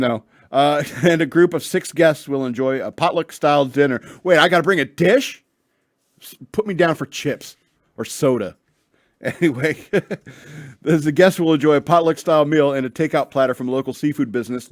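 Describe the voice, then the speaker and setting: A man's voice: medium pitch, dry recording. A male talk show host chats loosely in a mid-range voice and tosses off dry, sarcastic asides. The recording is close and dry, with no room sound. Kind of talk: casual solo podcast talk.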